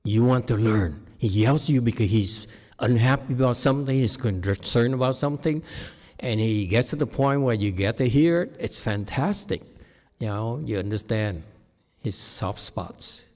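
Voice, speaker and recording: A man teaching as a meditation master in a dharma talk, shifting from quiet murmurs to loud, laughing exclamations. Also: mid-range voice, normal speed. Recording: long hall reverb.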